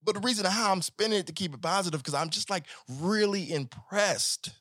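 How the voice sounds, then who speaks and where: A man hosting a podcast in a casual solo monologue, profane and animated, swinging between joking and earnest talk. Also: high voice, fairly quick, no room sound, clean studio sound. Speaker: podcast host.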